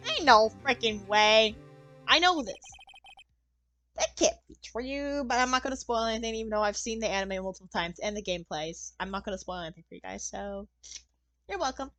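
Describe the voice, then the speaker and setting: A young woman hosting a let's-play, joking and reacting with loud exclamations and laughter. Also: mid-range voice, normal speed, pauses often, soft background music. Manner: excitable, jokey, bursts of loud laughter and exclamations. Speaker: gaming channel host.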